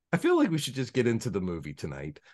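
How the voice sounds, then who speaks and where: A man co-hosting a podcast in casual chat, telling stories in an animated way with frequent restarts and laughter. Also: medium pitch, fast talker. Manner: animated storyteller, stammers and restarts, laughs often. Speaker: podcast co-host.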